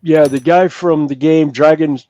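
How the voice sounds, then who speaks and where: Slow-talking Southern US man, higher voice. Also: fairly even intonation, dark tone. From Southern United States. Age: 50s. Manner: rambling, self-mocking storyteller who trails off with fillers. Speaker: regular on a hobby chat show. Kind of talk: casual chat. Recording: dull, dry sound.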